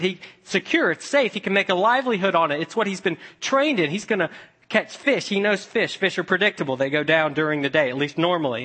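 A young man preaching a sermon, telling stories in a chatty way and dropping to a hush for emphasis. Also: sits high. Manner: conversational storytelling with dramatic hushed drops.

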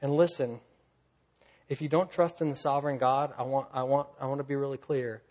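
A man preaching a sermon, swinging from loud, lively storytelling to quiet, low emphasis. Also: brisk. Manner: earnest preaching, rising loud in stories, dropping soft and low. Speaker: pastor.

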